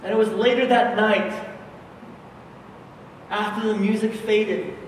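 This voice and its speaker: A male pastor preaching a sermon at a conference, telling a story slowly and with passion, swinging between loud and hushed. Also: high-pitched, steady tone, a little hiss or hum. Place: large conference hall. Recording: echoey hall from far off.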